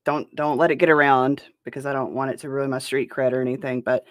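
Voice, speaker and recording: A woman's voice: very deep voice, steady tone, fast, no echo, clean studio sound. A woman hosting a reaction commentary show, talking in a blunt and profane way. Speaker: host.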